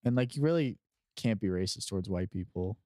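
A man's voice: deep voice, expressive, a little fast, darkish tone, dry recording, studio quality. A man co-hosting a podcast, talking in a laid-back, offhand way with stammering restarts. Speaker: podcast co-host. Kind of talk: casual chat.

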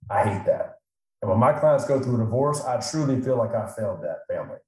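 With lively intonation and a slightly fast pace, a middle-aged man speaks in a mellow, medium-pitched voice. He's a financial advisor chatting casually and animatedly for a podcast, often doing his clients' voices. The room is very echoey.

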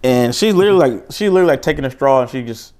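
A man in a casual chat as podcast co-host, spinning an animated story. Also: medium pitch, very fast. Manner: animated storyteller who laughs as he talks.

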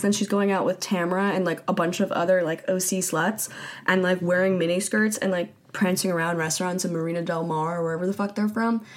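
A young woman hosting a podcast, giving blunt, profane gossip commentary in a casual chat style and saying "like" a lot. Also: medium pitch. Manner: blunt, profane, heavy use of "like". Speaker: podcast host.

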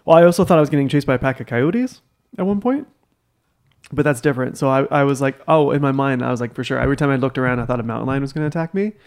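A young man talks quickly in a casual family chat. He rambles through a story, stopping often on filler words, in an even middle-pitched voice. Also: clear, resonant tone.

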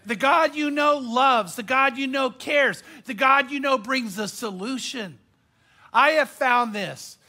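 A man preaching a sermon as pastor, emphatic, with repeated phrases and dramatic pauses. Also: very high-pitched, pushed and bright.

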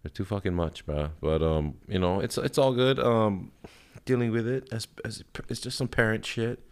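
A man's voice: lowish voice, moderate pace, a little mellow, clear, resonant tone. A man hosting a podcast in casual, rambling chat, laid-back and swearing a lot, with lots of fillers and short laughs. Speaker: podcast host.

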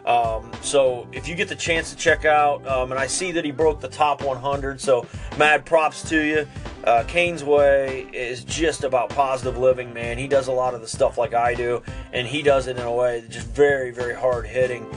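A man's voice: medium pitch, fairly even intonation, normal speed, faint music behind. A man hosting a podcast, laid-back and upbeat, talking with many fillers. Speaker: podcast host. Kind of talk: casual podcast monologue.

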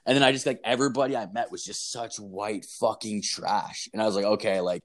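A man's voice: fairly low pitch, fairly even intonation, fairly quick. A young man telling a long story in casual chat, rambling and swearing, full of "like" and "dude". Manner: rambling, profane, lots of "like" and "dude".

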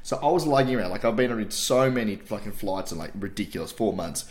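An Australian man co-hosting a podcast, telling animated stories in casual chat, swearing and calling his co-host mate. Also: lowish voice, quick pace. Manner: animated storytelling, swears, says mate a lot.

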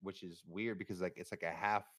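A man's voice: sits low, fairly even intonation, fairly quick, fairly bright tone. A young man from San Francisco, a podcast guest talking in casual, slangy, profane chat that rambles along with laughs.

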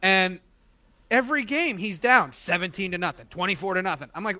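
A man co-hosting a casual sports podcast, agreeing often and chiming in with quick replies. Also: sits high, lively intonation, bright, forceful tone. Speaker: podcast co-host.

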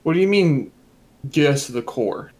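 A man's voice: on the high side, animated, normal speed, darkish tone. Joking man in a game session. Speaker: player. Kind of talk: casual game chat.

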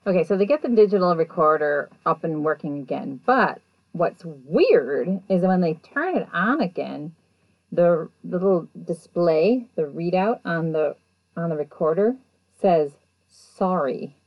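A woman casually retelling events in a chatty, animated way, acting out what people said. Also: fairly low pitch, unhurried, dry recording, muffled recording. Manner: chatty, animated, acts out quotes. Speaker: show recapper. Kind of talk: casual storytelling recap.

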